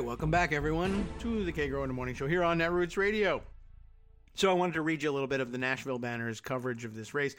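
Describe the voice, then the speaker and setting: A man's voice: fairly high pitch, pushed and bright, smooth. A middle-aged man hosting a political talk show, reading news coverage aloud with sarcastic, wry asides. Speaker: podcast host.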